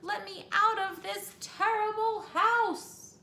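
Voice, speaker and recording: A woman voicing a fussy, shrieking older lady neighbor in a storybook read-aloud, shrill and indignant. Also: lively intonation, normal speed, bright, forceful tone, a little hiss or hum. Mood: panicked. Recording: echoey room.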